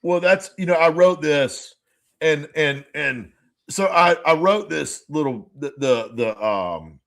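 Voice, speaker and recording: A man's voice: a little high, expressive, creaky. Rambling, swearing podcast co-host man. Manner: rambling, halting, swears freely. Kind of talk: casual chat.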